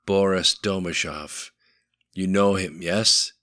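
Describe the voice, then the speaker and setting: A man's voice: deep voice, steady tone, slow pace, sharp tone, no echo, studio quality, heavily acted. Man doing a cold, clipped Russian operative. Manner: clipped, staccato commands.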